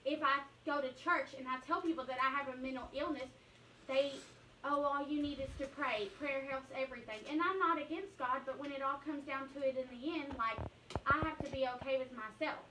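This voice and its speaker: A woman's voice: high-pitched, a little fast, sharp tone, slight background noise. A woman giving a candid, emotional personal talk to an audience. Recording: echoey room, voice from a distance.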